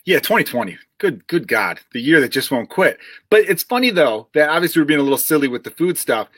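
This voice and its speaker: Rambling Chicago-accented podcast host. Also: male voice, medium pitch, lively intonation, fast talker, a bit bright, husky, dry recording. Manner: rambling, swears casually, restarts a lot. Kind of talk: casual comedy podcast chat.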